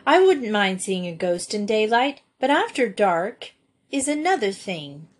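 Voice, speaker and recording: A woman's voice: medium pitch, big pitch swings, a little slow, slightly rough. A woman reading aloud, voicing an earnest, dramatic young girl who loves telling stories. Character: bold storytelling girl.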